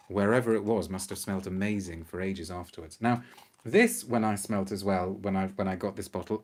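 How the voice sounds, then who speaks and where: A middle-aged man hosting an unscripted live-stream review, chatty and animated, reacting to viewer comments. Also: lowish voice, normal speed. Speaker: perfume reviewer, show host.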